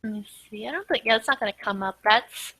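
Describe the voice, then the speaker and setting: Bright-voiced woman explaining casually. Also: a little high, fast talker, no echo. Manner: chatty, full of "like", laughs often. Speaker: tutor explaining manga Japanese. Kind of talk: casual language lesson.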